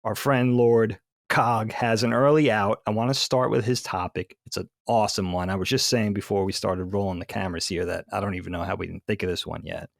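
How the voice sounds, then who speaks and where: Brief: a male podcast host with a gravelly, dry, close-miked voice and an easy, chatty manner. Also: lowish voice, fairly quick, hardly any pauses, no room sound. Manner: relaxed, chatty, steers the conversation. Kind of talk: casual podcast chat.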